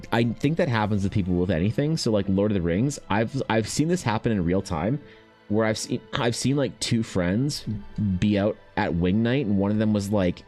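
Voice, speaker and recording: A young man chatting casually on his art stream, rambling and swearing freely, often mimicking other people in quick high voices. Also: a little mellow. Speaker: artist streaming while painting.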